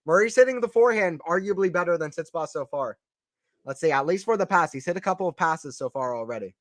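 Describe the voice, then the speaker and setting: A fairly high-pitched man calls a tennis match live for his stream, upbeat and chatty. He keeps repeating lines and talks straight to viewers between points. The sound is dry and close. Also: fast talker, no echo. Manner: excited, chatty, repeats phrases, reads out chat. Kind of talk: casual play-by-play tennis commentary.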